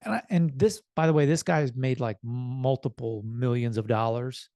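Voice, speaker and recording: In a casual motivational vlog recorded with studio quality and no room sound, a man with a medium-pitched voice speaks at a moderate pace. He earnestly recounts a story to the camera, lively quoting the people in it in their own voices.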